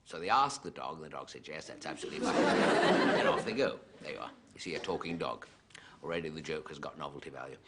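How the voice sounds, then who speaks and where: A man's voice: a bass voice, expressive, fairly quick. A man telling a rambling shaggy-dog story on stage, often breaking into laughter himself. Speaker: comedian. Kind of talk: stand-up storytelling to a live audience. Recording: live theatre audience laughter and noise. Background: loud audience laughter.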